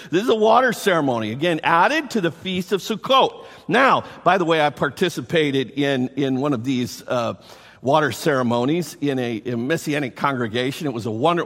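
A man preaching a sermon, enthusiastic and animated, repeating phrases for emphasis. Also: mid-range voice, husky. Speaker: pastor. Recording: long reverb from the hall.

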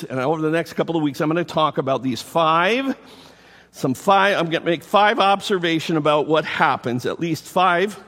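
A man preaching a sermon, enthusiastic and animated, repeating phrases for emphasis. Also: a little high. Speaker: pastor. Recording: long reverb from the hall.

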